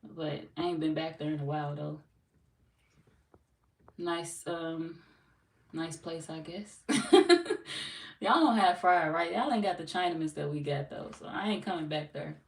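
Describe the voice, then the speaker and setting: A woman's voice: low voice, a little slow, gravelly, pauses often. Profane, laughing young woman livestreaming. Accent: St. Louis. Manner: loose, profane, joking, laughs often. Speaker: tarot livestream host. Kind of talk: casual livestream chat with viewers. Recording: roomy, distant from the mic, light noise.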